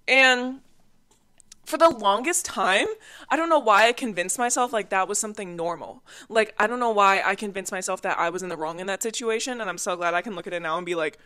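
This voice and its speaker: A young woman hosts her own podcast and tells stories in a casual, animated way. Her voice is smooth and clear, at an ordinary pitch for a woman. She laughs easily as she talks. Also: moderate pace. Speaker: podcast host. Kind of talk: casual storytelling.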